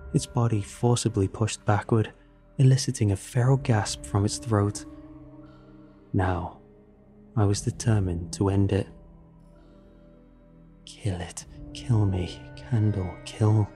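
A man reading a first-person horror story in a measured, dramatic way. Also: lowish voice, dark tone. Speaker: narrator. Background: faint background music.

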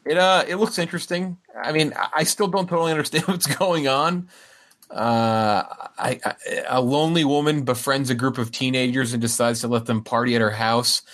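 A man's voice: medium pitch, steady tone, normal speed, a bit bright. A man co-hosting a podcast in casual chat, rambling along with frequent fillers and restarts. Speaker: podcast co-host.

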